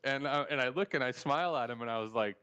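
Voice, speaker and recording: A man's voice: mid-range voice, quick pace, clean tone, highs cut off. A man hosting a podcast, telling a long, profane story in a casual way and laughing between lines. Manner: animated, profane anecdote with laughter. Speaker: podcast host.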